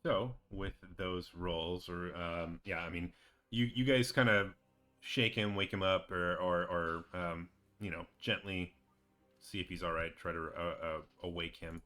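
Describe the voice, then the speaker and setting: A man's voice: deep voice, steady tone, measured pace, bright, forceful tone. A man running a tabletop game as game master, narrating with many hesitations and fillers.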